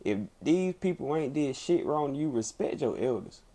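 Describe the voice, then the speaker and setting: A man's voice: medium pitch, sing-song, normal speed, mellow. A man streaming live, giving blunt, emphatic commentary on a feud, repeating his points and swearing freely.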